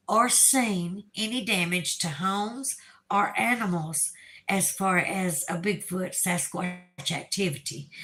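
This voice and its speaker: Southern woman host, unhurried chatty livestream delivery, laughs easily, faint music underneath. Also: medium pitch, fairly bright tone, rough recording. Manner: chatty, laughs often, reads viewer comments aloud. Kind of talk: casual livestream chat reading comments.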